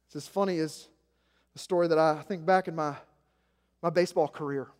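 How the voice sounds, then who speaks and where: Pastor guy from arkansas, 40s, self-deprecating stories, high-ish voice, church echo. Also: steady tone, fairly quick. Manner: storytelling, self-mocking, swings from soft asides to loud emphasis. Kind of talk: sermon. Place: church sanctuary. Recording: echoey hall.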